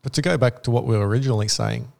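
A man with a mellow, relaxed voice talks through software choices with a colleague. He is easygoing and agreeable, with casual, nonstandard grammar. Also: medium pitch, very fast, vocal fry. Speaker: software developer. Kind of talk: casual chat.

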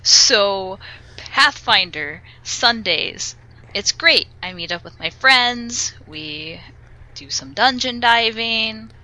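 A young woman co-hosting a casual podcast, telling an animated, swear-filled story about her tabletop group. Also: a little high, slow pace, rough recording. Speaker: podcast co-host.

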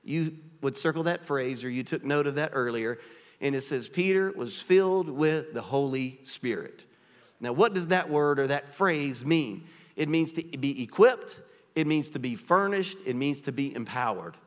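A man preaching a sermon as pastor, animated and conversational, with frequent rhetorical questions to the congregation. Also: medium pitch, normal speed. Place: church sanctuary. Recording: church hall with long reverb.

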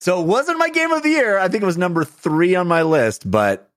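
A man's voice: sits high, animated, a bit bright, faint music behind. A man co-hosting a casual podcast chat, joking and drawing out dramatic announcements. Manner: playful, drawn-out dramatic announcements. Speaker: podcast co-host.

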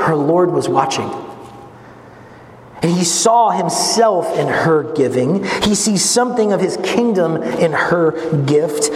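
Earnest preacher in an echoey hall. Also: male voice. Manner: earnest, rising to emphatic peaks then dropping low and quiet; gestures while speaking. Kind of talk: sermon. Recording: echoey hall with long reverb, faint noise.

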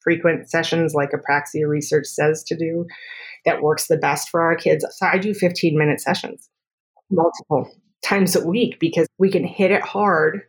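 A woman speech therapist talking through her methods in a podcast interview, chatty and full of quick examples. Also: deep voice.

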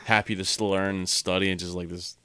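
A man's voice: deep voice, level tone, a little fast, pushed and bright, smooth, no echo. A man chatting crudely on a podcast, joking and laughing often. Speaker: podcast co-host. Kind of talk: casual chat.

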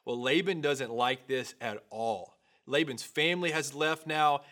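A man's voice: mid-range voice, measured pace, a bit bright. A young man preaching a sermon, opening with a personal story in a casual, conversational way. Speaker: pastor.

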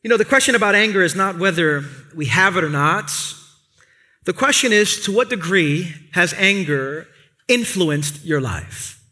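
New male pastor, high bright voice, chatty storytelling sermon, big reverberant church. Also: moderate pace. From Brooklyn, New York. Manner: lively conversational storytelling. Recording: long reverb of a large hall.

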